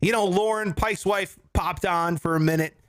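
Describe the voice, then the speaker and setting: A man's voice: high voice, moderate pace, fairly bright tone. A man hosting a casual comedy podcast from home, joking and laughing through playful rants. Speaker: podcast host. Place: home studio.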